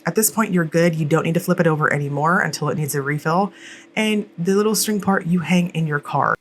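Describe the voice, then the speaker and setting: Low pitched gal rambling thru an unboxing, lots of ums, laughs at herself. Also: female voice, brisk, a little hiss or hum. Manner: chatty, rambling, with fillers and asides. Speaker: nail polish reviewer. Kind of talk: casual product unboxing vlog.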